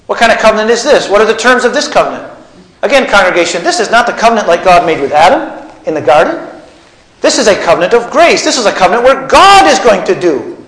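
A man's voice: high-pitched, big pitch swings, fast talker, a bit bright, roomy sound, rough recording. A man preaching a teaching sermon, putting questions to his congregation. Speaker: pastor. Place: church.

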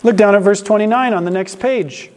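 A man's voice: high voice, a little fast, a little mellow, long reverb tail. A man preaching an expository sermon in a church, asking rhetorical questions and stressing key words.

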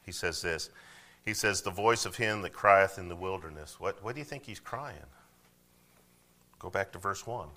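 A man preaching a sermon, talking conversationally and asking the congregation questions, swinging from loud to hushed. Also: deep voice, moderate pace. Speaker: pastor.

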